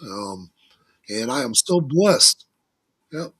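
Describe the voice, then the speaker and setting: Husky, animated male talk-show guest. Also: medium pitch, slow. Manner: folksy, emphatic storytelling; religious turns of phrase. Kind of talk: casual talk-show interview.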